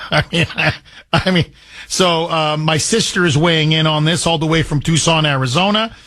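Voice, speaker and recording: A man's voice: fairly high pitch, moderate pace, fairly bright tone, no room sound. A male radio talk show host, arguing his point with passion and acting out imagined conversations on a call-in show. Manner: impassioned, argumentative, acts out imagined dialogues.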